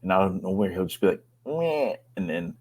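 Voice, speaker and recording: A man's voice: sits low, little pitch movement, racing, a little mellow. A man co-hosting a podcast, talking hesitantly in casual chat, with many "you know"s. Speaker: podcast co-host.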